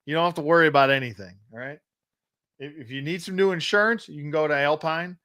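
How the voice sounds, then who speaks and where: A man's voice: a little high, fast, sharp tone, poor audio. A man hosting a casual livestream toy review, blunt and rambling, often restarting his sentences. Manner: rambling, blunt, repeats and restarts while complaining. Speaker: action figure collector and channel host.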